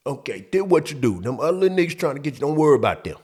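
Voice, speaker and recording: A man's voice: fairly high pitch, big pitch swings, very fast, darkish tone, slightly rough, voice pushed up. A man voicing a streetwise ex-convict giving profane fighting advice in a matter-of-fact way. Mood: instructing.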